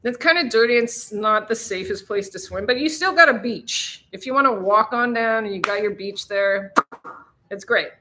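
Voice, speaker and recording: A woman's voice: medium pitch, moderate pace, sharp tone, a little hiss or hum. A woman hosting a casual live stream, chatting with viewers and laughing, who swears freely.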